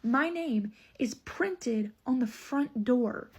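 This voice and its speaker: A woman with a somewhat high, husky voice tells a customer story from behind the counter. Her retelling is indignant and emphatic, full of pointed asides. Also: animated, slow pace. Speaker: store manager telling a customer story. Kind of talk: casual storytime vlog.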